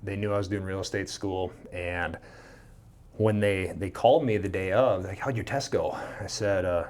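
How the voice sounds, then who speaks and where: Animated storytelling man, low voice. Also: fairly quick. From Minnesota. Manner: animated, swears freely, acts out quoted dialogue. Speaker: podcast guest. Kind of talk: casual storytelling.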